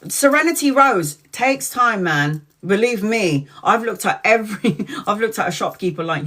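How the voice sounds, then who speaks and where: A woman's voice: medium pitch, lively intonation, measured pace, few pauses, sharp tone. A woman in her forties, a tarot reader hosting a live stream, talking frankly and chattily, swearing freely and calling out viewers by name. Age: 40s. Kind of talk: casual live-stream chat.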